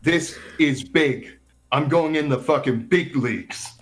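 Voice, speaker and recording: A man's voice: fairly high pitch, a little slow, faint music behind, close to an everyday voice. A man playing a curt, foul-mouthed guard. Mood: gruff. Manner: blunt and profane.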